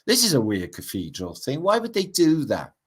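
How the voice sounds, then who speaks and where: A man's voice: on the high side, huge pitch swings, moderate pace, slightly rough. A middle-aged Welsh man hosting a livestream, rambling casually over pictures with wry asides and casual swearing. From Wales. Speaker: livestream host.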